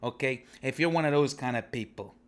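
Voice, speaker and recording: A man's voice: mid-range voice, brisk. A man hosting a comedic sports podcast, rambling in brash wise-guy banter and tossing in "okay?" after his picks. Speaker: podcast host.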